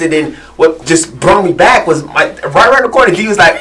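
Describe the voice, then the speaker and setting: A man's voice: moderate pace, hardly any pauses, recorded from a distance. A man telling stories on a podcast in a casual way, acting out what others said. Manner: animated storyteller, acts out quotes in higher voice. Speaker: guest fighter.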